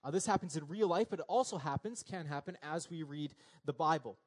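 A young male pastor delivers a sermon in a relaxed, conversational way. His voice sits a little higher than most men's, and he often stops on fillers and repeats words as he finds the next phrase. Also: fairly quick.

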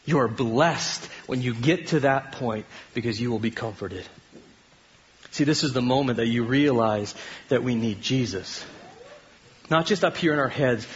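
A man's voice: medium pitch, muffled recording, slight background noise. A middle-aged Canadian man preaching a sermon to his congregation in a conversational way, often asking them questions. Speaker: pastor.

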